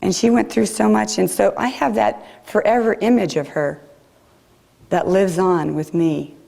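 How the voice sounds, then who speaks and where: A woman preacher giving a gentle, reflective sermon in a chapel. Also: mid-range voice, steady tone, unhurried, vocal fry.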